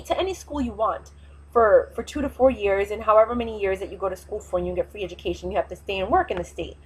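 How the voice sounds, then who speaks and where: A woman talks straight to her viewers in a rambling, impassioned vlog. Her voice is husky and sits a little high. She speaks emphatically, pressing hard on her opinions. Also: fairly bright tone, rough recording. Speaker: vlogger. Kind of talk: impassioned casual monologue.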